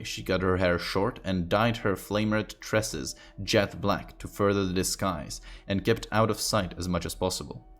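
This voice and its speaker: A man with a low voice reads a fantasy book aloud on a stream. His delivery is casual and offhand, and he drops in joking asides between passages. Soft music plays faintly under him. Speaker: streamer reading lore aloud. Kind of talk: casual reading with commentary.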